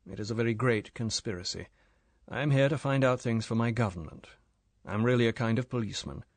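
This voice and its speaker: A man's voice: mid-range voice, fairly quick, dry recording, natural voice. A male narrator voicing a guarded secret agent who talks coldly and matter-of-factly. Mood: earnest. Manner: cold, matter-of-fact. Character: cool, guarded British secret agent, adult man.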